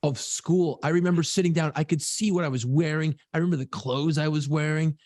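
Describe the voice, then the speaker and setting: A man's voice: a little high, fairly even intonation, a little fast, a little mellow, dry recording, studio quality. A middle-aged man co-hosting a casual podcast, telling loose, profane stories. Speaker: podcast co-host.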